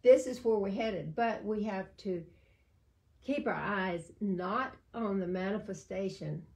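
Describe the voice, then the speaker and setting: A woman's voice: medium pitch, a little slow, vocal fry, darkish tone, rough recording. An older woman pastor preaching fervently in a casual talk, repeating phrases for emphasis. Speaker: pastor and co-host.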